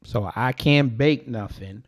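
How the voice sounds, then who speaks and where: A man's voice: medium pitch, slow. A young man from New York, telling a story in a casual, slangy way and answering his chat as he goes. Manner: animated, slangy, talks back to chat. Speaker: host.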